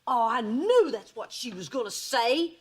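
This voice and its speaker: A woman's voice: fairly high pitch, very animated, unhurried, breathy edge. A woman playing the wisecracking, sarcastic lead in a sitcom. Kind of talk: sitcom acting.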